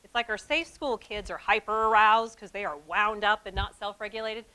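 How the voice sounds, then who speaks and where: A woman presenting a training session on childhood trauma to school staff, talking in a lively way that drops to soft, calm tones. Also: medium pitch, normal speed, smooth, low-quality recording. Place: event hall with an audience.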